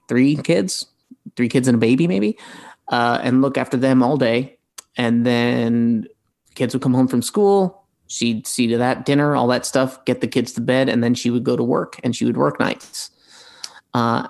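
Man, forties, gravelly, mid-pitched, rambling guest answers full of fillers. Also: darkish tone. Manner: rambling, many fillers and restarts. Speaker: actor guest. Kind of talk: relaxed interview talk.

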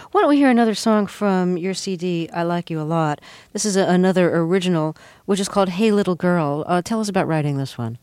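Female radio interviewer, mid pitch, dry studio sound, crisp and probing questions. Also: quick pace, few pauses, a little mellow, no echo.

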